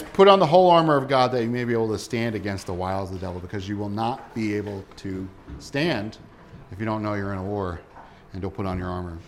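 A man in his forties from New Jersey preaching a sermon, telling stories with acted-out voices. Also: mid-range voice. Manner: animated storytelling with acted-out quotes.

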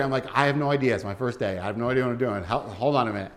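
A man's voice: medium pitch, rapid-fire. A man in his forties from New Jersey preaching a sermon, telling stories with acted-out voices. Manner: animated storytelling with acted-out quotes.

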